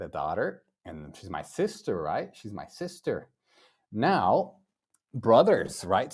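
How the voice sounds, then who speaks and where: A man's voice: lowish voice, darkish tone. A young man teaching a live online English lesson, encouraging viewers and greeting them by name.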